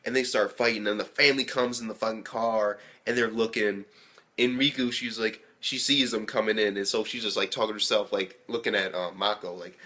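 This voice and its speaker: A young man casually reviewing an anime episode, excitable and rambling, swearing freely and filling his talk with "like". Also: medium pitch, brisk. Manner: excitable, profane, rambling with lots of fillers.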